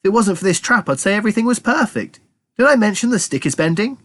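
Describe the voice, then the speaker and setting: A man's voice: high-pitched, very animated, fast, a bit bright, voice pushed up, full character voice. A man voicing a cheerful, plump male tap-dancing rat who chirps and stammers. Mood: cheery.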